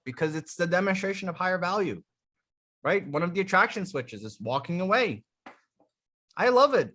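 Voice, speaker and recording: A man running a live dating coaching session, talking bluntly with profanity and animated storytelling. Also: high-pitched.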